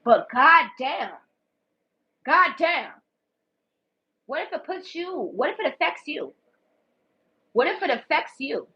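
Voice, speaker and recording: A woman's voice: high-pitched, lively intonation, normal speed, pauses often. A woman doing a casual tarot reading for viewers, talking bluntly with lots of swearing and repetition. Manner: blunt, profane and emphatic, repeats herself. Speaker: tarot reader. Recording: dull lo-fi sound.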